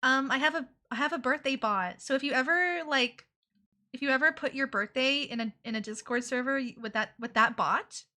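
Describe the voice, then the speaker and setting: A woman's voice: sits high, a little fast, bright, forceful tone. A woman streamer chatting casually with viewers while drawing. She talks playfully and hums nonsense syllables between comments. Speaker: VTuber streamer.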